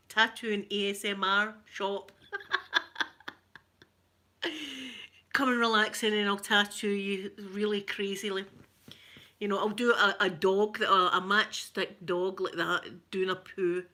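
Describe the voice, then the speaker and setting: Middle-aged scottish woman, ASMR live chat, giggly and rambling, clear ringing voice. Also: medium pitch, fairly even intonation, a little slow. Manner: chatty, giggly, rambling, often dips to soft whispers. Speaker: ASMR creator.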